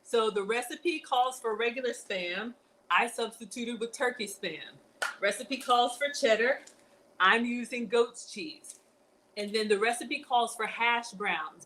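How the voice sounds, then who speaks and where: A woman's voice: fairly high pitch, pushed and bright, a little hiss or hum, poor audio. A woman hosting a casual cooking livestream, chatting with her viewers as she cooks and flustered as she keeps telling herself to focus. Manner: chatty, talks to viewers as y'all. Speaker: cooking show host.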